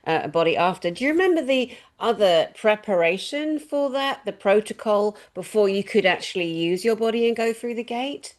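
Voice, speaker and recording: A woman's voice: medium pitch, expressive, moderate pace, hardly any pauses. A woman interviewer asking long, winding questions.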